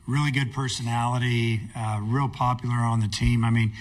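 A college baseball head coach answering questions in a folksy, rambling way, full of fillers and restarts. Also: male voice, mid-range voice, little pitch movement, normal speed. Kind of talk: interview answers.

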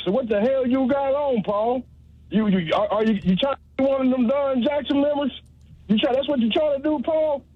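Man, high voice, teasing, rambling, dry muffled phone. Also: dry recording. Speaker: caller. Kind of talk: casual call-in banter. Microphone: phone line.

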